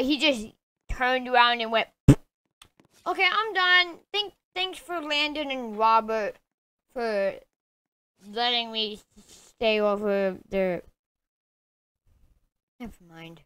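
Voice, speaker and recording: A female gamer giving excitable live commentary over her gameplay, yelling insults at opponents. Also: a little high, slow, long pauses, clear, resonant tone.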